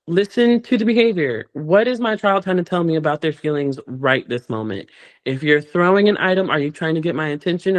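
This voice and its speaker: A man presenting an educational talk on child behavior, explaining step by step and repeating words as he searches for phrasing. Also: high voice.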